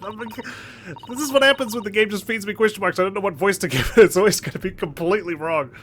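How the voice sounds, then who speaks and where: A young man giving jokey, animated commentary on a video game he plays. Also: sits high, quick pace, slight background noise. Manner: animated, jokey, laughing asides. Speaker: let's play host. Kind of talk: casual gameplay commentary.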